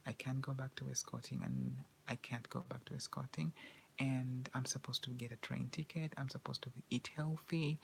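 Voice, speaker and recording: A woman's voice: very deep voice, normal speed, creaky, darkish tone, slight background noise, poor audio. A woman vlogger in a whispered personal monologue, talking in a rambling, repetitive and anxious way.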